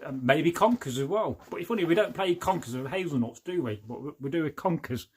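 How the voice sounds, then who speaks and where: A man's voice: fairly high pitch, lively intonation, fairly quick, husky. Chatty man hosting a livestream. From England. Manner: chatty, jokey, laughs often, rambling asides. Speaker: livestream host. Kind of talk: casual livestream chat reading comments.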